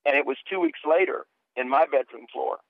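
A man's voice: a little high, a little fast, no echo. A middle-aged man, a guest preacher, earnestly telling his personal testimony and often repeating words as he starts sentences. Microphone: phone. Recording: tinny dry phone line.

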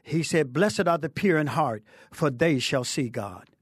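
A man's voice: a little high, lively intonation, a little slow, breathy edge, no room sound, clean studio sound. A man who is a preacher, telling his testimony earnestly in an interview, with a fervent storytelling delivery. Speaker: preacher guest.

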